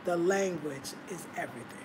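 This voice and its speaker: A woman hosting a casual livestream from home, chatting and reading out viewer comments in an animated, talkative way. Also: fairly low pitch, moderate pace, noisy background. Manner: animated, chatty, breaks into laughter. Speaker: livestream host.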